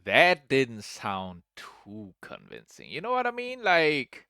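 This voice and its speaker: Slow gravelly reaction guy-or-gal voice, bright and swoopy, dry close mic. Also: mid-range voice, wildly swooping pitch, no room sound. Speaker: commentator reacting to a clip. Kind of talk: casual reaction commentary.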